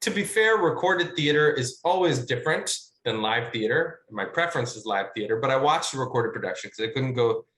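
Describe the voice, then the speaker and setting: A man's voice: medium pitch, lively intonation, a little fast, hardly any pauses, a bit bright. Male stage actor, mid-range voice, rambling and thoughtful, on a webcam mic in an echoey room. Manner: musing, chatty, with many fillers and restarts. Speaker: guest artist, actor. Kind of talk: casual webinar discussion. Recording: roomy echo.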